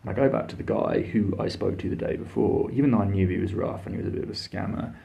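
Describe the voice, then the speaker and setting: Gravelly man ranting about his travels. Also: on the low side, quick pace, dull audio. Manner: exasperated, blunt and sweary, with lots of fillers. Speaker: travel vlogger. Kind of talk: casual travel storytelling.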